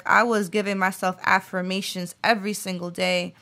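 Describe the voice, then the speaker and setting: A woman's voice: mid-range voice, level tone, moderate pace, bright, forceful tone. A woman in her late twenties, a guest author and poet, talking earnestly in an interview and reading her spoken-word poetry. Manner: earnest and reflective, frequent fillers.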